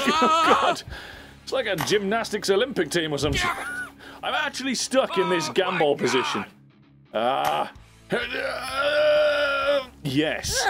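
A man giving excitable let's-play commentary, squealing and laughing as he plays. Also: very high voice, unhurried, vocal fry, loud music behind the voice. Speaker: gaming YouTuber.

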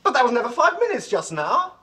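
An actor playing an exasperated customer who keeps protesting and insisting in a 1970s TV sketch. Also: male voice, very high-pitched, wildly swooping pitch, fast talker, bright, forceful tone, heavily acted. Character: indignant male customer, exasperated. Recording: hissy old TV recording.

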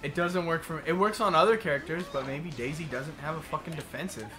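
A man's voice: fairly high pitch, brisk, pushed and bright. A young man swearing and exclaiming in frustration while playing a video game with a friend. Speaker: let's play co-host. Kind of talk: casual gaming banter. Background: video game music.

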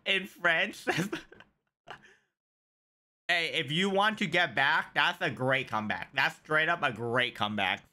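Bright, giggly high-pitched male streamer. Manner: giggly, animated, drawn-out exclamations. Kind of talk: live reaction commentary.

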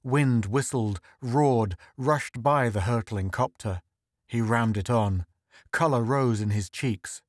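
A man reading a science fiction short story aloud as scripted narration, slow and measured. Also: medium pitch, no echo, clean studio sound. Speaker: audiobook reader.

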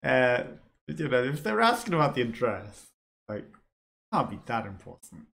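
A man's voice: medium pitch, big pitch swings, normal speed, gravelly, a bit bright. Chatty man streaming a game. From United Kingdom. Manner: chatty, laughs often, reads menu items aloud with wry remarks. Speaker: let's play streamer. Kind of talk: casual gameplay commentary.

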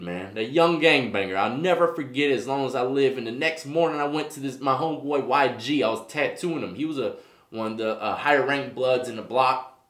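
A man's voice: mid-range voice, a bit bright. Man, vlog host telling prison stories, street slang, keeps asking "you know what I mean", roomy echo. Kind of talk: casual storytelling to camera.

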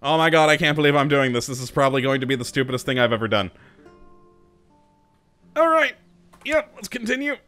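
A man's voice: mid-range voice, big pitch swings, very fast, hardly any pauses, fairly bright tone, faint music behind. A man commenting on his own strategy game, frantic and self-mocking, often talking straight to his troops. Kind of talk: let's play commentary.

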